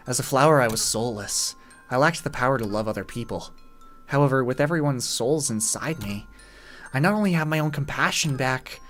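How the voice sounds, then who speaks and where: A man voicing a young boy monster who is lonely, desperate and remorseful, reading game dialogue aloud with feeling, his voice breaking. Soft game music plays behind him. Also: medium pitch, natural voice. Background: faint game music.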